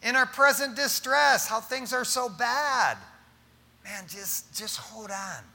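A man's voice: extremely high pitch, slow pace, gravelly, sharp tone, voice pushed up, heavily acted. A man voicing an earnest older male apostle who pleads with his listeners to hold on. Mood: pleading.

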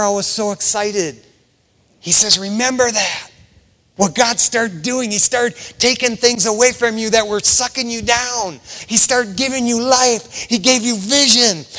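A middle-aged male pastor preaches in a high, bright voice, slipping into casual street talk and acting out the people he quotes. The sound rings with the long reverb of a church hall. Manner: animated, acts out quoted voices, calls listeners "man". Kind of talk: sermon.

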